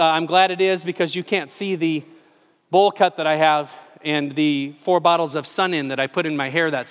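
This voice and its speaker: A man in his forties preaching a sermon in a church, telling a personal story with animated, self-deprecating humor. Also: fairly high pitch. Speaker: pastor. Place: church sanctuary. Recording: long reverb of a large hall.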